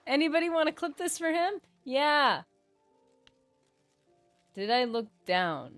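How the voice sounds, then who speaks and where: A woman's voice: high voice, very animated, slow pace, a bit bright, no echo, soft background music. A woman game streamer chatting casually while she plays, rambling, trailing off and poking fun at herself. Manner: chatty, rambling, self-deprecating, trails off and restarts. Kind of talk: casual livestream chat while gaming.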